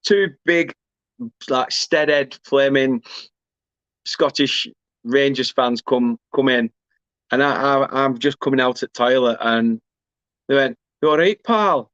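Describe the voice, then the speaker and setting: A man's voice: medium pitch, fairly even intonation, slow pace, pauses often, fairly bright tone, clean tone, no echo, dull audio. Chatty man on a live stream. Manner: chatty, rambling, self-deprecating banter. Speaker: host of a football fan watchalong. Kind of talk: casual live chat, reading out viewer comments.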